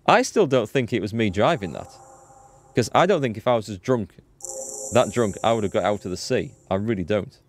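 A man's voice: on the low side, expressive, a little fast. A man hosting a let's play, chatty and self-mocking, often exclaiming as he reacts to the game. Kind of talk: gameplay commentary.

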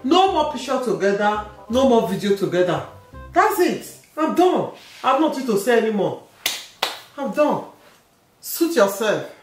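Lady vlogger pranking her husband, lively voice, echoey room, mic kinda far, faint music. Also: mid-range voice, normal speed. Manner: teasing, then pleading and laughing. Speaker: vlog host, wife pranking her husband. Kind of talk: casual couple prank vlog.

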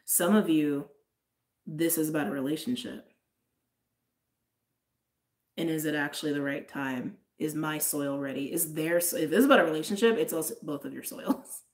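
This woman speaks low and at a normal speed, leaving long pauses. She's doing a casual tarot reading aimed right at her viewers, chatty and laughing a lot, with "like" cropping up constantly.

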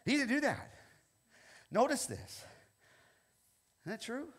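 Husky, high-pitched, lively older preacher. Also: male voice, slow pace. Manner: animated, repeats "okay?" often, laughs between lines. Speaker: pastor. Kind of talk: sermon.

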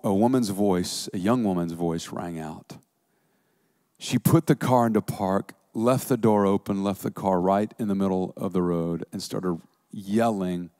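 A man preaching a sermon as a pastor, telling a story vividly with dramatic swings between hush and intensity. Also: lowish voice, dry recording, studio quality.

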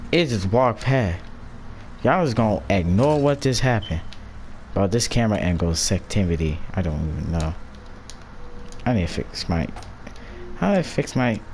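A man giving casual, slangy commentary over a horror game, taunting enemies and shouting loud excited reactions. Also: mid-range voice, slight background noise. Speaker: gaming channel host.

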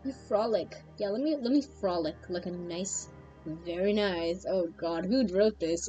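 A young woman streaming a game, chatting to her viewers in a loose, excitable way, laughing often. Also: medium pitch, a little slow, husky, lo-fi sound, soft background music. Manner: excitable, laughing, addresses chat. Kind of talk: casual game commentary.

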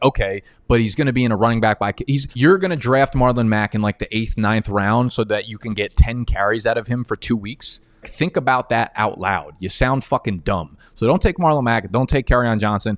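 A man hosting a fantasy football show, giving blunt, emphatic advice in fast casual commentary and repeating words for stress. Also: lowish voice, no room sound, studio quality. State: out of breath.

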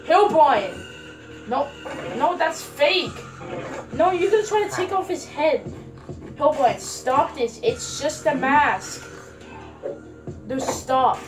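A woman hosting a casual reaction video on a headset, chatty and excitable, talking back at the screen. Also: high-pitched, slow, rough recording. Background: music from the video being watched.

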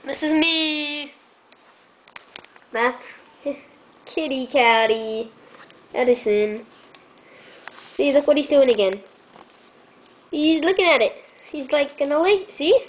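A woman's voice: high-pitched, animated, takes it slowly, long pauses. A woman filming her cat at home, coaxing it and calling it in a meowing baby voice. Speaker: vlogger. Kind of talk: casual home video talking to a cat. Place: at home indoors. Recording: tinny lo-fi camera audio with faint hiss.

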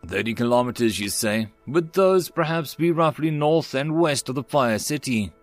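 A man's voice: mid-range voice, lively intonation, moderate pace, no echo, soft background music, natural voice. A man doing a timid, stammering little alien. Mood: placating. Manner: stammering, placating, with many fillers. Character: small timid alien barkeep, male, nervous and friendly.

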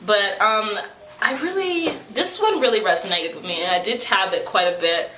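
A woman's voice: mid-range voice, normal speed, bright, forceful tone. A young woman chatting to camera about books, rambling with many fillers and playfully teasing herself. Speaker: book vlogger. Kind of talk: casual chat to camera. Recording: roomy echo, faint background music.

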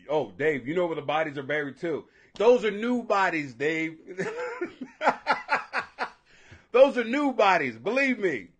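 A man chatting casually with viewers, animated and profane, joking and laughing often and tripping over hard names. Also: mid-range voice.

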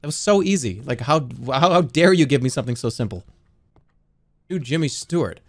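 A man's voice: mid-range voice, lively intonation, fast talker. A man livestreaming who chats casually and sarcastically, talking straight to his viewers. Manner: sarcastic, joking, talks straight to the chat.

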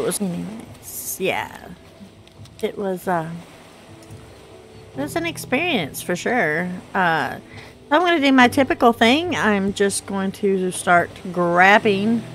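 A Southern woman drawls along slowly while she plays, full of fillers and self-deprecating asides. Her blocked sinuses roughen her mid-pitched voice. A faint noise sits under the recording. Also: animated, a bit bright. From Southern United States. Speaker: gaming channel host. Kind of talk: casual gameplay commentary.

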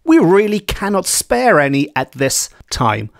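A man voicing an anxious, polite farmer's wife in a storytelling podcast, with gentle, apologetic speech. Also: high voice, very animated, measured pace, gravelly, no room sound, clean studio sound, full character voice.

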